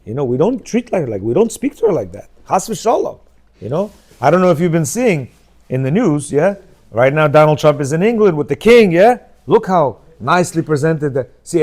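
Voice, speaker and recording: Middle-aged Bukharian-accented man, fairly high voice, informal lecturer who keeps asking his listeners questions. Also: normal speed. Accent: Bukharian Jewish. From Uzbekistan. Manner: animated, asks listeners rhetorical questions. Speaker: Torah class teacher. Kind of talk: informal religious class talk.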